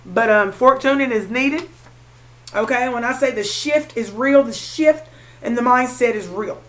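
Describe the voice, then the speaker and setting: This tarot reader addresses her viewers as honey while reading the cards, often saying the same phrases twice. Her voice leans high, and she keeps an even, measured pace.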